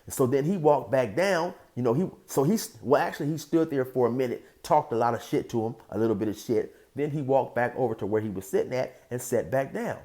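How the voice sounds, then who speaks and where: A man in an easygoing storytelling mode, talking in a relaxed street manner as a YouTube storyteller. His voice sits in an everyday middle register, and he loosely fills pauses with "you know". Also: medium pitch. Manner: laid-back, streetwise, frequent "you know". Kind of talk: casual spoken storytelling.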